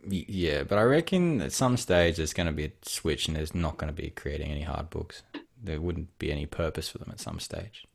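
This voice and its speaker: Deep-voiced man musing casually. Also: lively intonation, brisk, vocal fry. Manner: musing, trails off and restarts often. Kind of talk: casual chat.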